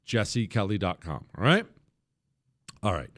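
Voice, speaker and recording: A man's voice: on the low side, big pitch swings, a little slow, fairly bright tone, no room sound, studio quality. A man hosting a talk radio show, delivering an opinionated monologue in an emphatic, sarcastic, often mocking way.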